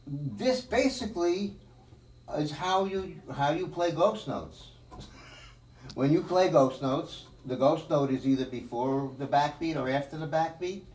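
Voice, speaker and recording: A man's voice: fairly high pitch, measured pace, darkish tone. Male drum teacher thinking aloud in a live lesson, noisy room. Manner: rambling, thinks aloud with many fillers. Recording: echoey room, mic at a distance, background noise.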